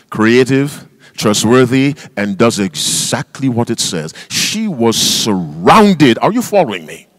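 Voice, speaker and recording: A medium-pitched male pastor, recorded without room sound, preaches a sermon. He reads scripture in King James wording with strong emphasis, spells words out for stress, and quizzes his congregation with call-and-response questions.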